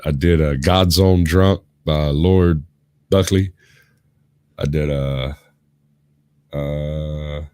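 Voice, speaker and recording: A sick man with a hoarse, gravelly voice, rambling and explaining in a casual chat as host of a live stream. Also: low voice, a little mellow, no room sound, clean studio sound. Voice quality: rough, gravelly. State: hoarse from illness.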